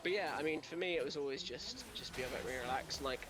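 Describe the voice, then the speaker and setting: A man chatting casually on a stream, halting and repeating himself, prone to giggles. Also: a little high, expressive.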